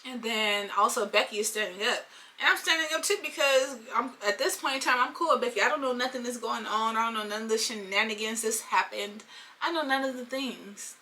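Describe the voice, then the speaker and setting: A young woman tells a storytime vlog straight to her viewers. Her talk is slangy and animated, with a sharp, bright tone and a somewhat high pitch. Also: brisk, a little hiss or hum. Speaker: storytime vlogger.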